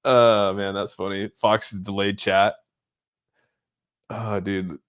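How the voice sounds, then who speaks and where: A young man hosts a live crypto stream, reacting to his chat with giddy amusement, laughing often and saying "dude" constantly. His voice is lowish and slow-paced, with little pitch movement and a clean, slightly bright tone.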